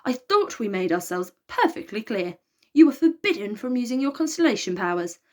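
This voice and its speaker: A woman's voice: fairly high pitch, sing-song, a little fast, a little mellow, voice pushed up. A stern, pompous leader of a starry council in a children's storybook, scolding in a formal tone. A woman reads his lines aloud.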